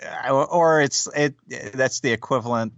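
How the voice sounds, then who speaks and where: A man's voice: mid-range voice, normal speed, vocal fry, fairly bright tone, dry recording, lo-fi sound. A man co-hosting a podcast, recapping an episode with wry, self-deprecating humor. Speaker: podcast co-host. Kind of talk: casual chat.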